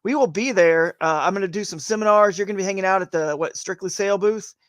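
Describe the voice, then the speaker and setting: A man's voice: high voice, fast, a bit bright, no echo. A man co-hosting a live fishing show, chatting casually and rambling with frequent restarts. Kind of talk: casual live-stream chat.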